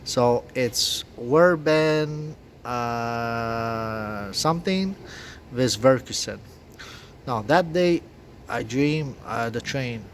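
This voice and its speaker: A man with a French accent and French as his first language, talking in a rambling, profane, agitated monologue with many halting restarts. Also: mid-range voice, slight background noise.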